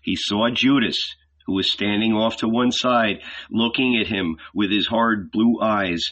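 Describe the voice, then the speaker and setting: A man reading a novel aloud in a measured, deliberate, dramatic way, on a dull lo-fi recording. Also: fairly low pitch, fairly bright tone. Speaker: audiobook reader.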